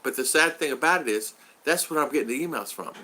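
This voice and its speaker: A man's voice: medium pitch, animated, quick pace, sharp tone, slight background noise. A man hosting a casual livestream, chatting to viewers by name and telling stories. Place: home in the Philippines.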